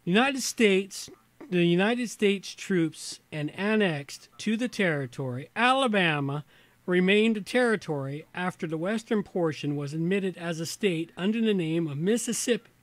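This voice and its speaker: This host's voice sits high and sounds animated, moving at a moderate pace with no echo. He's a slightly tipsy man on a casual livestream, reading from an old reference book and slipping into muttered, rambling asides between read passages.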